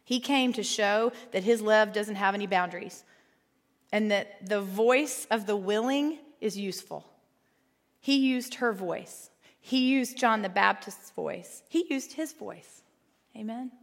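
A woman's voice: mid-range voice, unhurried. A woman teaching a Bible lesson to a group in a large room, earnest and playful, with asides to her listeners and a storybook reading. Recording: long hall reverb.

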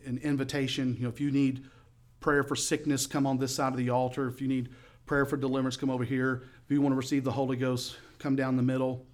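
Male preacher, animated storyteller, pitch on the higher side, jumps way up when acting out quoted voices. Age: adult, past high school. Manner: acts out quoted voices, yelling them higher. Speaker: preacher giving his testimony. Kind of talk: animated sermon testimony.

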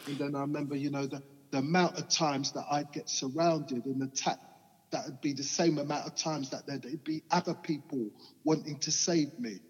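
A man's voice: on the high side, fairly even intonation, moderate pace, breathy edge, long reverb tail, muffled recording. A man with a Cockney accent, a guest telling his life story in a rambling way, often asking "you know what I mean?". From England. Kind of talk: candid personal storytelling.

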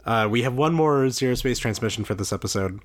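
A man's voice: mid-range voice, quick pace. A man co-hosting a podcast, chatting in a wry, joking way and reading out listener mail. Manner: wry, joking, swears casually. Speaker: podcast co-host.

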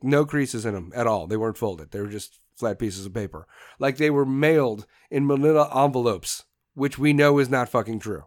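A man ranting in a combative, profane political monologue, addressing his audience directly. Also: on the high side. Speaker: political commentator.

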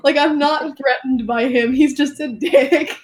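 Excitable high-voiced woman player. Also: measured pace. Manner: excitable, blunt, crude. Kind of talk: casual chat.

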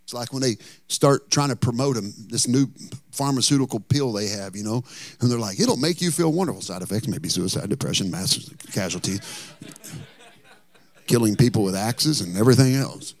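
A middle-aged man preaching a sermon as pastor, animated and folksy, with humorous asides. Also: on the low side, moderate pace.

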